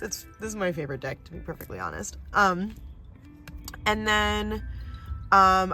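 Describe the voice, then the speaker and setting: A woman giving a casual pick-a-card tarot reading, chatty and loud, with lots of "like" and "you know". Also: mid-range voice. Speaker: tarot reader.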